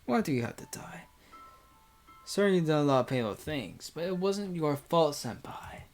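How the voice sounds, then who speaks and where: A woman voicing an earnest teenage boy, speaking softly and deliberately in a visual novel reading. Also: low-pitched, sing-song, faint music behind, voice pushed up. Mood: insistent. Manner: soft, quiet, deliberate.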